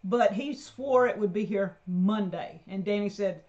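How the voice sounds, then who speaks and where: A woman's voice: medium pitch, a little slow, a little mellow. Female co-host, chatty storyteller, mid-range voice, muffled stream sound. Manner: chatty storyteller who laughs often. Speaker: co-host of a homestead livestream. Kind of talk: casual live chat. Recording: dull lo-fi livestream audio.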